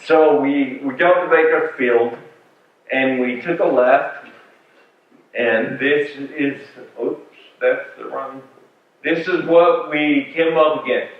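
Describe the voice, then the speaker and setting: Telling a personal patient story during a slide presentation, a man speaks at medium pitch in a steady tone and slow pace, with many fillers and restarts. The recording has a far-off mic, hall echo and a phone-like quality.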